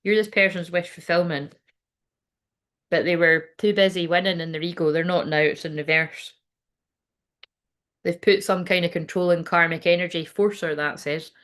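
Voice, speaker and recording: Here the same tarot reader, a woman with a fairly low and fairly bright voice, keeps her intonation fairly even and her pace moderate, pausing often. Her reading stays casual and unpolished, with plenty of swearing, laughter, and abandoned thoughts.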